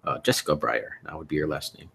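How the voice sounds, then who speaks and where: A man's voice: very deep voice, quick pace, gravelly, slightly rough. A man running a tabletop game as game master, laid back, recapping characters and setting the scene. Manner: relaxed, laughs easily, recaps patiently.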